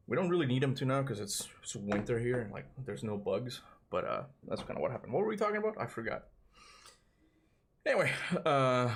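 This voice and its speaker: A man hosting a casual gaming live stream, rambling and interrupting himself, out of breath from climbing stairs. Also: mid-range voice.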